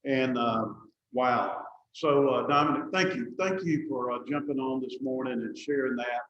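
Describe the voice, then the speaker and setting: A man hosting a meeting over a video call in a halting way, full of "uh" fillers. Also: mid-range voice, fairly bright tone, reverberant, highs cut off. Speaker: meeting host.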